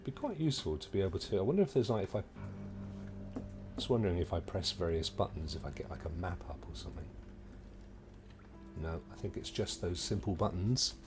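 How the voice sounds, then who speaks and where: A man's voice: deep voice, lively intonation, a little fast, pauses often, over music. A middle-aged man, chatting jokily to viewers while playing a video game. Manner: chatty and jokey, talks to viewers. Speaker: game streamer. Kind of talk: casual let's-play commentary.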